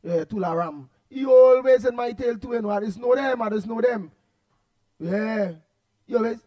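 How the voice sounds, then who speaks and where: A man's voice: extremely high pitch, normal speed, dark tone. A man with a Trinidadian accent hosting a radio show, chatting casually and reading out listener comments with laughs and repeated words.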